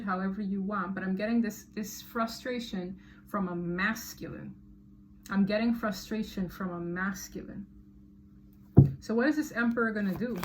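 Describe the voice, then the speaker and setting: A woman giving a casual tarot reading to camera, chatty and animated, often laughing and exclaiming. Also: mid-range voice, a little hiss or hum. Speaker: tarot reader.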